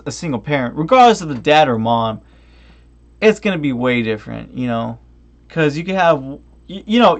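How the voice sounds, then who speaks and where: A tipsy young man ranting on a stream, swearing heavily, restarting often and drifting off on tangents. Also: on the high side.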